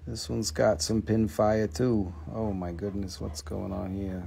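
A man's voice: lowish voice, flat delivery, unhurried, gravelly, mellow, a little hiss or hum. A man hosting a live stream, chatting casually and joking as he shows and prices stones for sale. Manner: chatty, jokey salesman talk. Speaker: host selling minerals on a live stream. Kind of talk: casual live sales chat.

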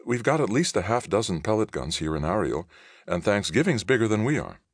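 A man voicing a curious, quick young woman in an audiobook reading. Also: fairly low pitch, very animated, husky, no room sound, studio quality, pitched above the performer's own voice, full character voice. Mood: arguing.

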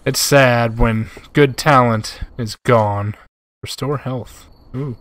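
A man's voice: mid-range voice, fairly even intonation, slow pace, a bit bright, no room sound. A young man streaming a game, chatting casually with his viewers and reading their messages aloud. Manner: laid-back, chatty, says "bro" a lot. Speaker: gaming streamer. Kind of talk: live gameplay commentary reading chat.

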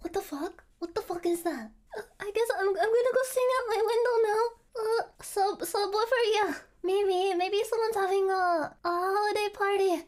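Very high-pitched giggly young woman streamer. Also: moderate pace. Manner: giggly, flustered, swears a lot. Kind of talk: casual livestream chat. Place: apartment by an open window. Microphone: headset mic.

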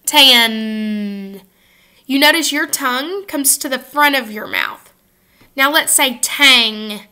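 Bright high-voiced woman teaching phonics. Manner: upbeat, modeling sounds for children to repeat. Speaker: first grade teacher. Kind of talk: phonics lesson for children. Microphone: facing camera at close range.

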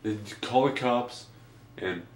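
A man's voice: medium pitch, slow pace, natural voice. A young man dubbing a movie scene as a cocky, joking dude who wants to be the hero, talking in a laid-back slacker way. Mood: defensive. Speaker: amateur fan dubber. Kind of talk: goofy amateur movie dub. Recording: echoey room recording.

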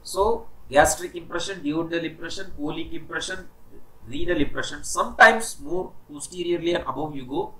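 A man's voice: on the high side, normal speed, bright, forceful tone, poor audio. A man lecturing on anatomy in a recorded class. He explains step by step, repeats key terms and often stops to say "okay".

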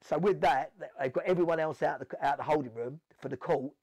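A man with a South London accent, telling stories in an animated way as an interview guest, acting out what people said. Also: fairly high pitch, fairly quick, no room sound. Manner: animated storytelling, acts out quotes, swears. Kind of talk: storytelling interview.

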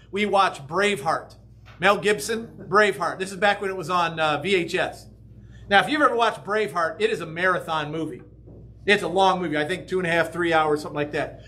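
A man's voice: high voice, slight background noise. A man preaching a casual, conversational sermon, often checking in with the congregation. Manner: conversational, animated, keeps asking "right?". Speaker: pastor.

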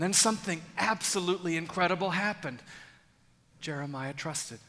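A man preaching a sermon in a large church, earnest and intimate, with dramatic pauses. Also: high-pitched, lively intonation, sharp tone. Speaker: pastor. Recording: long church reverb.

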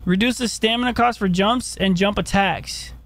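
A young man giving profane, excitable commentary while playing a video game, with game music behind him. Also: sits high, normal speed, noisy background. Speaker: gaming streamer. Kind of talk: let's play commentary.

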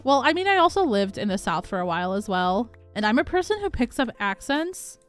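An upbeat young woman with a slightly high voice chats through a cozy gaming livestream, giggling and greeting her viewers by name. Soft music plays quietly in the background. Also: very animated, a little fast. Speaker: livestream host. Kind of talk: casual chat while gaming, reading chat. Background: faint background music.

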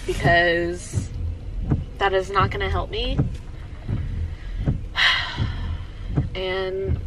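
A woman's voice: mid-range voice, little pitch movement, extremely slow, pauses often. Young woman vlogging from a noisy car. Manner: candid, frank, swears often, many "like" fillers. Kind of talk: casual vlog talk to camera. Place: inside a car. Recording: car and road noise behind.

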